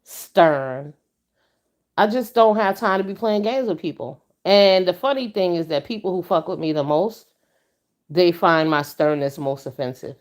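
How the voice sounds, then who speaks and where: A woman hosts a casual livestream, chatting straight to her viewers. Her voice sits slightly low, and she is blunt, stern and profane, jumping up in pitch when she makes a point. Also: lively intonation, unhurried. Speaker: livestream host.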